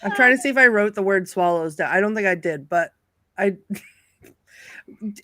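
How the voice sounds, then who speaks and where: A woman on a video call chatting excitedly with friends on a live stream, laughing often as she talks. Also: mid-range voice, moderate pace, no room sound. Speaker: panelist. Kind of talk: casual chat on a live stream.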